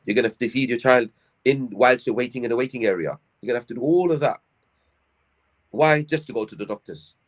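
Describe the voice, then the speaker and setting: A man's voice: mid-range voice, fast. A middle-aged man, an Islamic scholar giving family advice on a live stream, asking rhetorical questions and answering them himself.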